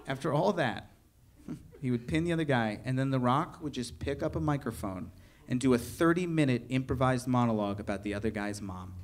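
A young man does stand-up, ranting in mock outrage before a live crowd whose laughter is audible throughout the venue. His medium-pitched voice moves briskly over a noisy background.

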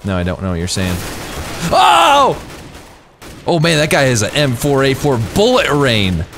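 A man's voice: medium pitch, brisk, a little hiss or hum. A man commentating his gameplay casually, exclaiming and yelping whenever things happen. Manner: excitable, yelps and exclaims during play. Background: game gunfire.

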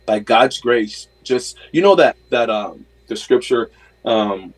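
Man in his thirties, husky voice, earnest, faith-filled, casual interview guest. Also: medium pitch, animated, slow pace, poor audio. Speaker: NBA player development coach, guest.

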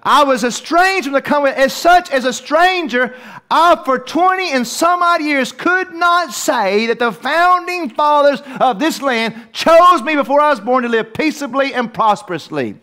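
A man's voice: very high voice, lively intonation, moderate pace, sharp tone. A man preaching a verse-by-verse Bible study in a church, emphatic and repetitive, not from Australia. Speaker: pastor.

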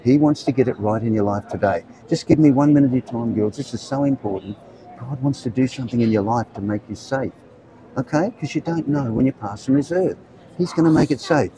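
A noisy background surrounds this street evangelism: an Australian man in his 70s, speaking a little fast in a mid-range voice, preaching to young passers-by outdoors. He's earnest and chatty, regularly asking "right?" and "okay?".

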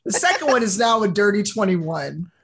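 Bubbly tabletop player, lively pitch. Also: normal speed, vocal fry, breathy edge. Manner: bubbly, excitable. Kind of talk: casual chat.

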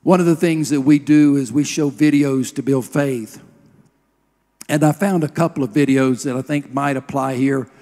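A man's voice: mid-range voice, fairly even intonation, moderate pace, dark tone. A man preaching a sermon, telling a healing story with emotion and leading a prayer. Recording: long hall reverb.

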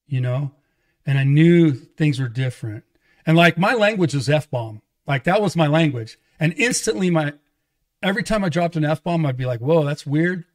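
A man's voice: fairly high pitch, animated, normal speed. A middle-aged man sharing his life story in a loose, conversational way, often acting out what people said to him. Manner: loose, conversational, quotes others in dialogue. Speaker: podcast guest, evangelist. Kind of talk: casual testimony storytelling.

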